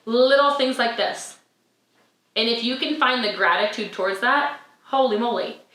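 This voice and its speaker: Bright-voiced emphatic woman coach, roomy sound. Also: on the high side, moderate pace. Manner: emphatic, emotional, rhetorical questions. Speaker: network marketing coach. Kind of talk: motivational talk on a video call.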